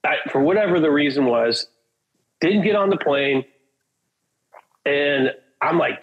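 A man's voice: mid-range voice, moderate pace, creaky, long pauses, breathy edge, rough recording. A man, a metal singer from Portland, Oregon, telling rambling, profane anecdotes in a casual chat and acting out what others said. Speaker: guest, metal band singer.

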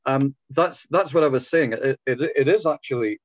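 Hoarse man, halting explanation. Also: mid-range voice, no room sound, dull audio. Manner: halting, patient explaining with many restarts. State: hoarse, voice going. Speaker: club speaker. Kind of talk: informal talk answering questions.

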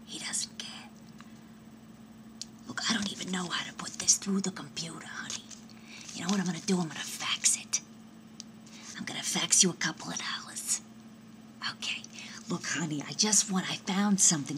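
A woman playing a gassy, smothering middle-aged mother who talks in hushed, whispery tones and rambles with backhanded praise. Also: low voice, noisy background. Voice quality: often whispery, hushed so as not to wake her husband. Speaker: comedic character sketch performer. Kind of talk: character comedy monologue.

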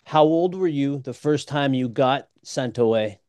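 A man's voice: medium pitch, a little slow, darkish tone, clean tone, no echo. A man hosting a podcast and asking short, direct interview questions. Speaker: podcast host.

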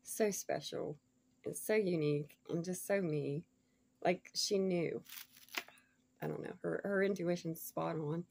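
A woman chatting casually to viewers as she unboxes a gift package, gushing and laughing often, sometimes dropping to soft murmurs. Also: fairly low pitch, measured pace, vocal fry, a little hiss or hum. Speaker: vlogger showing a gift package.

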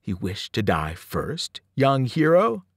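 A man voicing a boastful brutish male giant, slow and gloating. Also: medium pitch, wildly swooping pitch, breathy edge, dry recording, studio quality, exaggerated voice. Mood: menacing.

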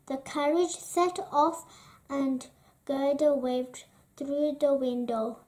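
A woman reading a children's story aloud in a slow, deliberate way. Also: sits high, steady tone, a little mellow. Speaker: storybook reader.

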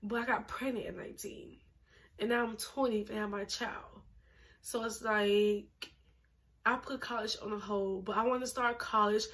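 A woman's voice: mid-range voice, steady tone, normal speed, a bit bright. A woman of twenty, pregnant and a little out of breath, chatting casually to camera as a vlogger, emphatic and full of fillers. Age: 20s. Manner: chatty, emphatic, uses lots of fillers and laughs.

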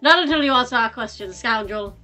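Woman playing a deadpan, self-assured lady detective. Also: a little high, a little fast, faint music behind. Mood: commanding. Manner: deadpan, dramatic certainty.

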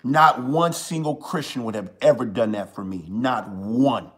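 A man in his forties hosting a live show, delivering a preachy, impassioned monologue. He repeats his points, dropping to a hush and then rising to forceful emphasis. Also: mid-range voice, measured pace. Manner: preachy, swings from hushed to forceful, repeats lines.

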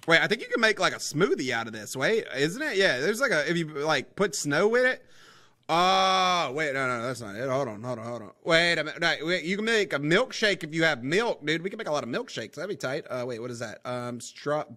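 An excitable young man rambles through his gameplay, calling out to his viewers as he builds. His voice sits high and swoops all over, with a very bright, forceful edge. Keys clack now and then behind him. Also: fairly quick, few pauses. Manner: excitable, rambling, talks to viewers as guys and boys. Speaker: gaming video host. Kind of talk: casual let's-play commentary.

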